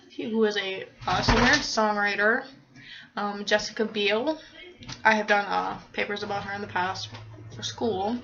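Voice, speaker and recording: A young woman from Minnesota chats casually to her viewers and reads off a list, stopping often to hesitate. Her voice sits at a middling pitch. The recording is dull and lo-fi, with a faint hiss behind her. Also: a bit bright. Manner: unhurried, reads from a list with many ums and pauses. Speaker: vlogger. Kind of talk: casual vlog, listing facts.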